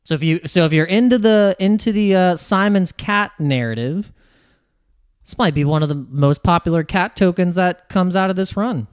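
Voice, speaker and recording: An American man rambling through casual livestream chat as a crypto streamer, with lots of restarts and quick jumps in pitch. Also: smooth. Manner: rambling, restarts, laughs, animated swings in pitch.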